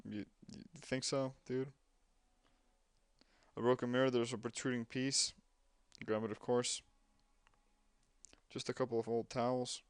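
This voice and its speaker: A man's voice: mid-range voice, level tone, unhurried, long pauses, clean tone, dry recording. A young man casually commenting while playing a game, chatty and rambling with lots of fillers. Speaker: gameplay commentator.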